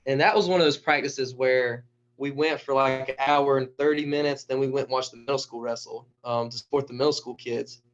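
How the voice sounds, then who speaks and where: A man, a high school wrestling coach, telling stories in a casual, animated way and acting out the lines of people in them. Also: fairly quick. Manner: animated storyteller who acts out quotes. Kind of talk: casual storytelling. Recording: dull lo-fi recording.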